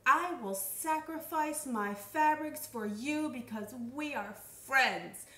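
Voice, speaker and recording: A woman's voice: high-pitched, expressive, slow, sharp tone, reverberant, distant mic. Bubbly woman reviewing sewing tools. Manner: chatty, bubbly, jokey, addresses viewers as friends. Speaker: sewing pattern maker and product reviewer. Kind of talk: casual product review vlog.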